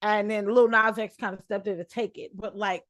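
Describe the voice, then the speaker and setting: Young woman from detroit, casual podcast chat, animated storytelling, dry close mic. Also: mid-range voice, normal speed, no room sound. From Detroit, Michigan, United States. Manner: animated storyteller who acts out quoted voices. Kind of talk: casual conversation.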